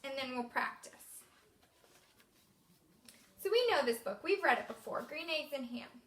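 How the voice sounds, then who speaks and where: An encouraging woman teacher leads a reading lesson for young children in a bouncy, sing-song way. Her voice is very high and bright, with lively swings in pitch. The room around her sounds echoey. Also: brisk.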